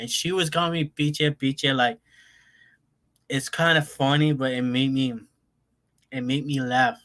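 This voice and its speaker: A man's voice: mid-range voice, steady tone, normal speed, pauses often, a bit bright. A young man, telling family stories in a rambling casual monologue full of fillers and restarts. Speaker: vlogger.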